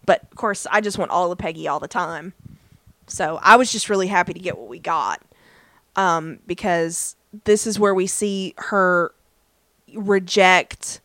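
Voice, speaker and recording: A woman's voice: lowish voice, unhurried, fairly bright tone, no echo. A woman co-hosting a podcast, chatting casually as she recaps a TV episode with lots of fillers. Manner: chatty, many fillers, acts out quotes. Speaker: podcast co-host.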